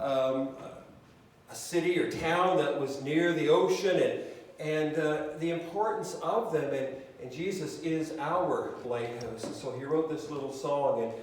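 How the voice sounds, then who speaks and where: Pastor, man, higher-pitched voice, sermon with halting restarts, recorded from a distance in an echoey hall. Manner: halting, with many restarts and fillers.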